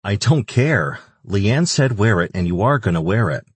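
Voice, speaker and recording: A man's voice: lowish voice, lively intonation, normal speed, slightly rough, no echo. A man voicing a playful, bossy young woman in an audiobook. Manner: teasing, bossy.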